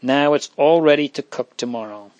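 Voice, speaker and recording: A man voicing a proud young girl of noble birth in an audiobook, reading her lines with gentle emphasis. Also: on the high side, normal speed, dry recording, highs cut off, voice pushed up, natural voice.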